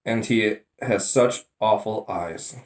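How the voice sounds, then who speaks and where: A man voicing an unhappy, wound-up young boy in a read-aloud storybook. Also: on the low side. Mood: gloomy. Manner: upset, rushing, then hushed.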